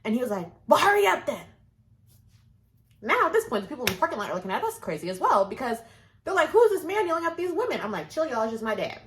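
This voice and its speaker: A woman's voice: on the high side, fast talker, noisy background. A woman vlogger telling a story casually, swearing freely and acting out each quote. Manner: animated, profane, acts out every quote. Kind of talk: storytime vlog.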